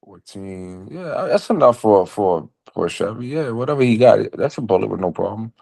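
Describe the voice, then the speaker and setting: A man's voice: lowish voice, animated, moderate pace, gravelly, darkish tone, no room sound. A man in a business group, asking blunt, profane questions in a casual chat.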